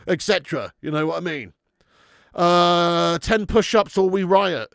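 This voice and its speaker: Sweary gravelly-voiced football fan host. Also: male voice, on the high side, moderate pace, dry recording, clean studio sound. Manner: sweary, animated, reads viewer messages aloud. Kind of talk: live football watch-along chat.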